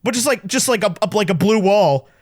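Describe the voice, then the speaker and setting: High-pitched guy on a movie podcast, super animated, trips over his words, dry close mic. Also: fairly quick, no echo. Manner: animated, stumbling restarts, quotes people in voices. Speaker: podcast co-host. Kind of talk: casual movie chat.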